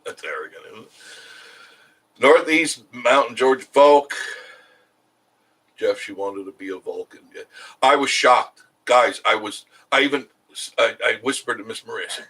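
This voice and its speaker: A man's voice: medium pitch, expressive, moderate pace, long pauses, bright, forceful tone, slightly rough, rough recording. Brief: middle-aged male host, loose chatty live-stream delivery, frequent chuckles, mid-range voice. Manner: rambling, chuckles often, answers viewer comments. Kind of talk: casual live stream chat.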